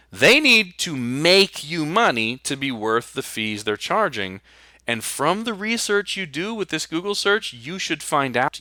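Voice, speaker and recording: Male podcast host, bright forceful tone, blunt sarcastic ranting, dry close mic. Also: medium pitch, no room sound. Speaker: podcast host and retirement planner. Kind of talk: solo podcast monologue.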